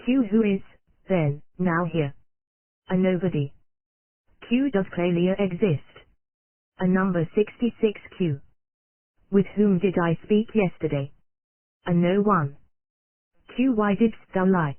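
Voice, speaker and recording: Un narrador de audiolibro con voz de tono medio lee un texto de forma pausada y uniforme, pronunciando en voz alta hasta los símbolos. El sonido es seco y metálico, como filtrado por una línea telefónica, sin nada de eco. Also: mid-range voice, no room sound. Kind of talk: scripted narration of a psychology book. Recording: tinny, phone-like dry recording.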